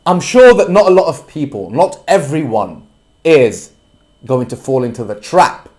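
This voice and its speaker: An earnest young man talks straight to his viewers in a preachy self-help monologue. His voice sits a little high, and he leans on each word slowly and emphatically. Now and then he rises into loud, heated yelling. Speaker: self-development vlogger. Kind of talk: passionate personal monologue.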